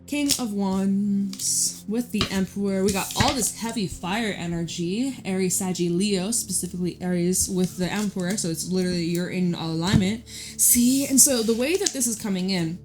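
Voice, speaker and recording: A woman talks through a tarot spread in a loose, chatty way, drifting into frank asides and the occasional swear. Her pitch sits in an ordinary middle range. Soft music plays faintly underneath. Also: moderate pace. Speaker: tarot reader. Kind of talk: casual tarot reading to camera.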